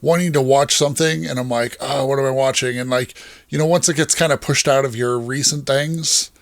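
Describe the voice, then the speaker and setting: A man with a mid-range voice in a dry, close-sounding setup, co-hosting a relaxed chat about movies. He talks in an easygoing way and drops casual swears. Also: mid-range voice, fairly quick, gravelly, dry recording. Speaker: podcast co-host. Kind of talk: casual chat, scoring trailers.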